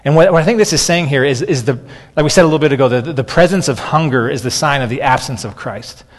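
Preaching fast to his congregation, a thirtysomething pastor keeps his sermon loose and conversational, frequently saying "okay" and restarting as he trips over words. His pitch is ordinary and mid-range, and his voice echoes with a long, large-hall reverb.

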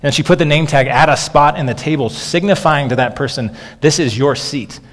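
Pastor preaching in a reverberant hall. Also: male voice, a little high, fairly quick, fairly bright tone. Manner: conversational, frequent "okay" and restarts. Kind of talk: sermon.

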